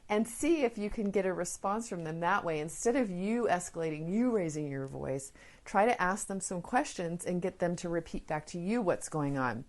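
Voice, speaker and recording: A woman's voice: on the low side, lively intonation, moderate pace, a little mellow. A woman hosting a parenting podcast, giving advice in an earnest, conversational way and speaking directly to her listeners. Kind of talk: casual advice talk. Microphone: podcast microphone.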